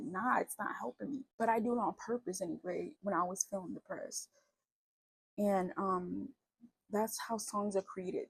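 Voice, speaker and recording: A woman's voice: mid-range voice, a little mellow, slightly rough, dry recording, low-quality recording. A young woman YouTuber talking in a rambling, conversational way to her channel. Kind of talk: casual vlog talk.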